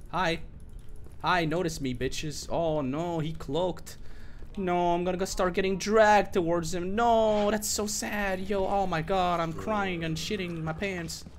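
A young man giving excitable, swearing commentary while streaming a game live, repeating himself when things go wrong. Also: sits high, a little hiss or hum.

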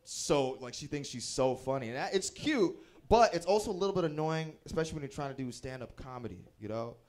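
A man's voice: a little high, a little fast. A young man performing a stand-up comedy set, telling self-deprecating stories with playful shifts in his voice. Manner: animated, self-deprecating storytelling with playful voice swings. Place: small comedy venue at a bowling alley.

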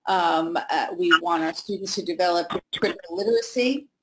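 A woman's voice: lowish voice, brisk. Reassuring woman presenter, faint noise. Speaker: author and department chair. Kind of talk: webinar presentation.

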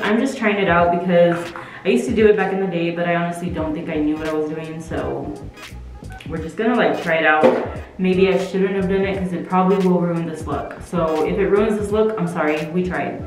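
A woman's voice: on the low side, brisk. Chatty woman in an echoey room. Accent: put-on British accent. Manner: chatty, rambling, playful. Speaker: makeup vlogger. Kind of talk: casual makeup tutorial chat. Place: at home. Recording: very echoey room with faint music.

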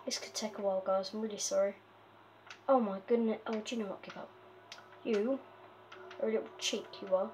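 A woman's voice: mid-range voice, moderate pace, a little mellow, slight background noise. A woman hosting a casual game walkthrough, chatty and giggly, with lots of fillers and a habit of talking to her pet. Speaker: gaming video host.

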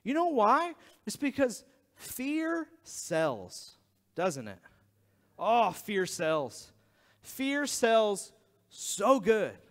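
A man delivers a sermon from the pulpit in a high, animated voice, slipping into acted-out quotes. His words ring with the long reverb of a church hall. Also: very slow. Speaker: pastor. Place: church sanctuary.

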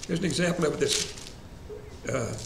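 A man's voice: on the high side, lively intonation, normal speed, creaky. A man leading a church Bible study class in a conversational way, asking the group questions and repeating verse references. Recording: echoey room, faint ambient hiss.

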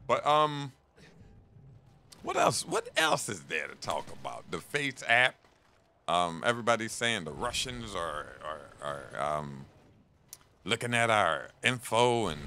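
A young man rambles through casual gaming talk, cursing freely. His low voice has a bright, forceful edge and swings widely in pitch. Faint noise hums behind him. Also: a little slow. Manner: rambling, profane, animated. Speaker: gaming streamer. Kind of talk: casual gameplay commentary.

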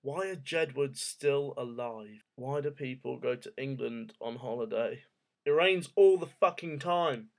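A man's voice: medium pitch, lively intonation, a little slow. A man in his twenties vlogging from home in a casual, rambling monologue, firing off jokey rhetorical questions and swearing casually. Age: 20s.

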